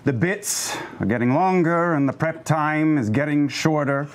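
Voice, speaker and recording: A man's voice: on the high side, measured pace. A man delivering a theatrical, impassioned mock political campaign speech as a cast member of a tabletop game show.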